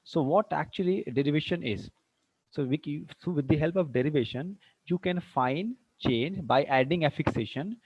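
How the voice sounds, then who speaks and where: A man's voice: on the high side, moderate pace, darkish tone, husky. A man teaching English grammar to a class, quizzing the students and mixing in Hindi. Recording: dull dry classroom recording.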